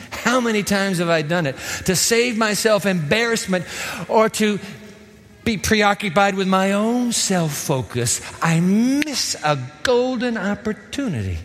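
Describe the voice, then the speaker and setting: A man preaching a sermon, telling the story in an animated way. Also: sits high. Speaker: pastor. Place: church sanctuary. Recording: echoey hall.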